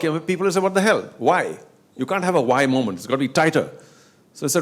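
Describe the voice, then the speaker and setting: A middle-aged man from India, a guest speaker on sports leagues, tells stories in casual talk on stage. He acts out quotes and chants with animation, speaking fast in a fairly high voice.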